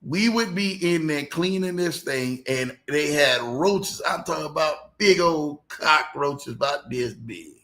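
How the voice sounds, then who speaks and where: A man hosting a casual livestream, animated, greeting viewers by name and telling stories in loose slang. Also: fairly high pitch, a little slow, hardly any pauses. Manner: animated, reads out viewer comments, Southern US slang. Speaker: livestream host.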